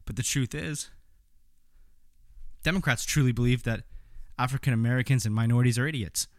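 A man's voice: mid-range voice, brisk, no echo, studio quality. A man giving opinionated political commentary in a sarcastic, indignant, mocking manner.

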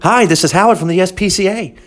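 Man doing a fast, frazzled shelter ad announcer. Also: faint music behind, natural voice. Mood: cheery pitch. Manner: cheery ad pitch breaking into irritated rants. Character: flustered male animal-shelter ad announcer.

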